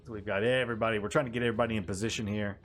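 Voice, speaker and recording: A man giving casual gameplay commentary, animated and often laughing, exasperated at the game's behavior. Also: on the low side, very fast, soft background music. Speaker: gaming YouTuber.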